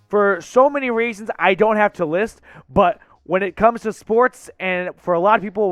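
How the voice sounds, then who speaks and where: A man hosting a sports news channel, talking fast and excitably, blunt and a bit out of breath. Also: sits high, smooth, no echo. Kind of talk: energetic sports news commentary.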